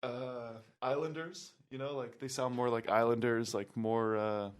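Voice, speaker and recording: A man's voice: mid-range voice, steady tone, unhurried. A young man chatting casually as a podcast guest, loose and hesitant, with many fillers and restarts. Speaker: guest, pro volleyball player.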